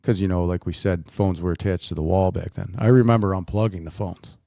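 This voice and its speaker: Deep, gravelly, and warm, this middle-aged co-host's voice holds a steady tone and moves a little fast. He tells stories on a casual talk show, frequently laughing at his own expense, in studio-quality audio with no room sound.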